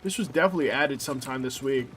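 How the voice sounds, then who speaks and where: A man's voice: mid-range voice, very fast, fairly bright tone, slight background noise. A young man chatting casually while streaming a game, rambling and swearing, with lots of filler words. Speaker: gameplay streamer. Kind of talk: casual chat while playing.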